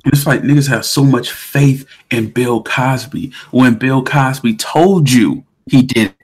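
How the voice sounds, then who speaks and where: A young man co-hosting a casual talk show, telling a story with lively acted-out quotes. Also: medium pitch, unhurried, breathy edge. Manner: animated storyteller who acts out quoted voices. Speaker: podcast co-host.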